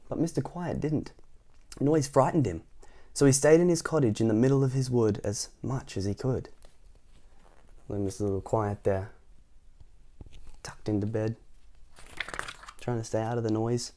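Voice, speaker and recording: A man reading a picture book aloud in a playful, animated way, often asking the listener questions. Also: mid-range voice, normal speed, long pauses. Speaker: storytime reader.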